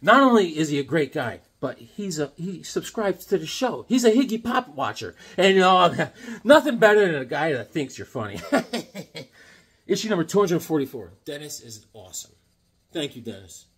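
A man's voice: fairly high pitch, big pitch swings, normal speed, a bit bright, breathy edge. A man chatting casually and joking as he leafs through comics, rambling into silly asides. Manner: rambling, joking, slips into silly voices and songs. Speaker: comic collector host. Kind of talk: casual comedic chat.

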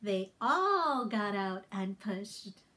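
A woman librarian reading a picture book aloud to toddlers, with an animated, sing-song delivery and questions to her young listeners. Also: medium pitch, very slow. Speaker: children's librarian. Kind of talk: toddler storytime read-aloud.

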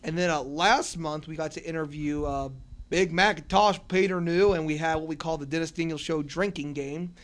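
A young man from Cincinnati, a radio and podcast host, talking excitedly and rambling with many restarts in an interview on a convention floor, holding a handheld mic. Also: a little high, normal speed. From Cincinnati, USA. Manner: energetic, rambling, with repeated restarts. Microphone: shared handheld mic.

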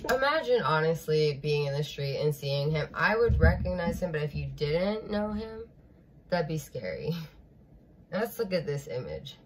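A woman's voice: low voice, sing-song, unhurried, a little hiss or hum. A young woman hosting a reaction video, chatting casually, giggly and squeamish.

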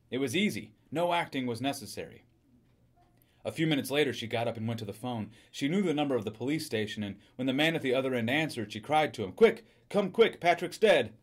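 A man reads a short story aloud, carrying the narration with a steady, even delivery. His voice sits at a middle pitch. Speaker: reader.

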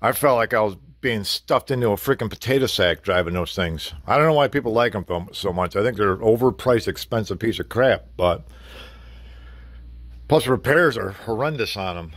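A man's voice: lowish voice, lively intonation, normal speed, a bit bright, dry recording. A middle-aged man venting in a blunt, casual vlog rant, swearing freely and talking to the camera. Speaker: vlogger.

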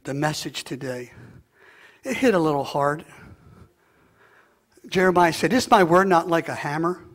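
A male pastor preaching a sermon, swinging from hushed, near-whispered passages to loud, impassioned declarations. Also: a little high, a little slow.

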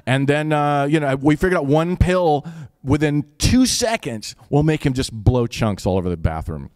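A man's voice: on the high side, very animated, moderate pace, a little mellow, no echo, clean studio sound. A man with an Upper Midwest accent telling a personal story live, in a casual, wry, profane way.

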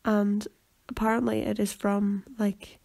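A young woman co-hosting a podcast, relaxed and rambling in casual chat. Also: medium pitch, measured pace, gravelly, no echo. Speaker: podcast co-host.

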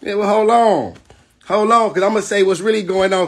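A man delivers a defiant, profane livestream rant as a battle rapper. His voice sits high for a man and has a husky edge. He talks aggressively and keeps checking in with his listeners. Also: normal speed. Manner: keeps asking "you know what I'm saying".

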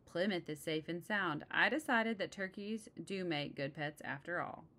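A woman's voice: lowish voice, normal speed, sharp tone. A woman reading as a kindly papa bear. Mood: reassuring. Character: kindly father bear, calm and reassuring.

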